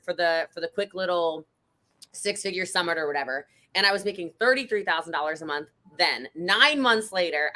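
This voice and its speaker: Thirties woman, host, bright, forceful tone, animated storyteller who acts out quotes. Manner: animated storyteller, jumps into high-pitched quoted voices. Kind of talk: casual conversation.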